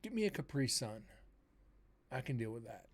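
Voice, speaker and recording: This paranormal live-stream host, a man in his forties, talks at a moderate pace with a medium-pitched voice. Casual and rambling, he speaks straight to his chat with self-mocking asides, and the recording has steady background noise.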